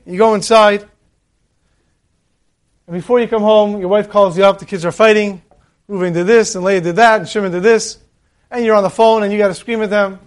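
A man preaching a sermon, telling a parable in an animated storytelling manner. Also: sits high.

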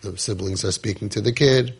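Husky emphatic man telling a story. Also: on the low side, brisk. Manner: emphatic, repetitive, dramatic retelling. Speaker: parenting coach. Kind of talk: podcast storytelling talk.

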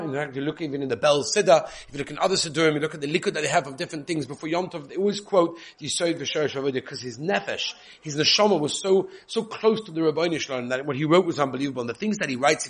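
A man's voice: a little high, breathy edge. A man giving a spoken Torah class, reading Hebrew texts aloud and explaining them in with frequent repetitions. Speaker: Torah teacher.

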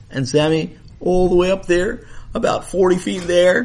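A man telling a children's story with animated, playful narration and asides to the listener. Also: high voice, moderate pace, gravelly.

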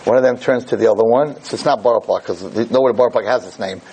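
A man giving a Jewish lecture, telling a story in an animated, digressive way. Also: medium pitch, fast talker, slightly rough, low-quality recording.

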